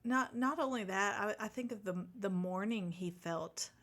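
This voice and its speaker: A woman chatting casually on a podcast at a middling pitch. She teases her co-host playfully and stumbles a little as she searches for words. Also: normal speed, a bit bright. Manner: playful, teasing, hesitant. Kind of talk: casual chat.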